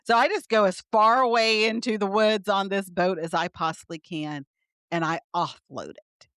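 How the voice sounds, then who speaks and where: A woman's voice: medium pitch, moderate pace, a bit bright, clean tone, dry recording, clean studio sound. A middle-aged woman, a physician guest, explaining ideas earnestly in conversation with light laughs. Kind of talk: conversational interview.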